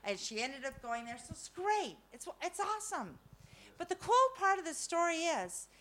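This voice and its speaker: A middle-aged woman telling a funny personal story to an audience, animated and self-mocking, swinging from loud to hushed. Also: very high voice, normal speed.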